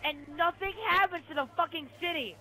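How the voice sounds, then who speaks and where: A man's voice: very high-pitched, a little fast, a crowd in the background, low-quality recording. A young man playing a co-op game with a friend, swearing freely and rambling about the game. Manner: crude, swears a lot, rambling. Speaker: co-op gaming partner. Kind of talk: casual co-op let's play chat.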